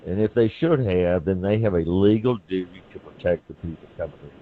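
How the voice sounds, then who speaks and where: A man's voice: deep voice, brisk. A middle-aged man with a Southern accent, a lawyer giving plain-spoken, folksy legal advice by phone on a call-in radio show. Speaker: constitutional lawyer, legal guest. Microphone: phone line into studio. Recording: tinny phone line.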